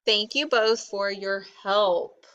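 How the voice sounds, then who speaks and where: A woman's voice: mid-range voice, fairly even intonation, slow, fairly bright tone, clean tone, dull audio. A woman voicing a polite, formal male robot in a children's storybook read-aloud, speaking precisely.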